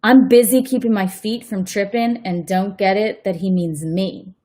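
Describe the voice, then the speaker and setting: A woman's voice: mid-range voice, fairly even intonation, moderate pace, warm tone. A woman who works as a teacher, reading a novel aloud at bedtime and breaking off for chatty, self-correcting asides. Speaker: read-aloud host, teacher.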